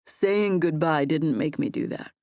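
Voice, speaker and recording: A woman reading a gentle young boyfriend, low and dry, reassuring. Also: a little slow, no room sound. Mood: tender. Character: tender young man, warm and teasing.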